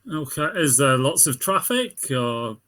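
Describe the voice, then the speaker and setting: A man's voice: medium pitch, very animated, measured pace, pushed and bright. A man playing a tabletop game, making dry, joking remarks in character. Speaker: player.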